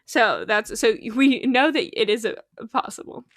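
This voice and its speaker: A woman's voice: a little high, animated, normal speed, no echo, studio quality. A young woman chatting casually while livestreaming a game, rambling with lots of fillers and laughs, sleepy and yawning. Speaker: streamer.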